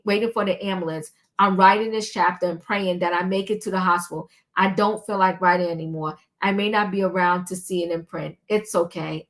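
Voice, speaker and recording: Older woman reading aloud haltingly. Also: mid-range voice, fairly bright tone. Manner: halting, with many ums and restarts. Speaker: commentary vlogger. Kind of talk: casual commentary, reading a text aloud.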